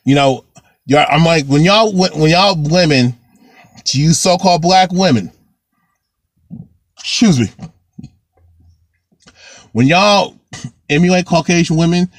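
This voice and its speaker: A man's voice: a little high, takes it slowly, pauses often, dry recording, studio quality. A man vlogging a heated, ranting monologue to camera, repeating himself and restarting phrases. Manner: heated, repetitive, circles back and restarts.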